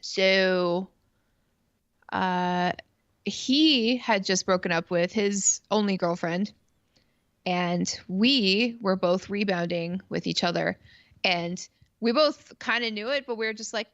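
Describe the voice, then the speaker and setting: A woman's voice: mid-range voice, unhurried, fairly bright tone, no room sound, muffled recording. A woman from Canada telling a long personal story in casual chat, rambling with lots of fillers and swearing freely. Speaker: stream co-host.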